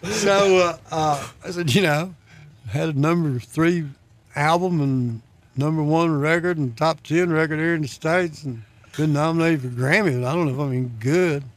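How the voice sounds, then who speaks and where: A man's voice: fairly high pitch, normal speed. A man telling folksy, self-deprecating stories in casual conversation, chuckling between lines. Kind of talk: casual anecdotal storytelling.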